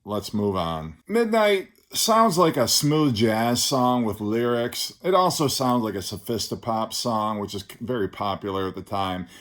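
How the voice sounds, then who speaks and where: A man's voice: lowish voice, lively intonation, a little slow, hardly any pauses. A man giving a casual album review as the channel's host, blunt and sarcastic, swearing freely. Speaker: record reviewer.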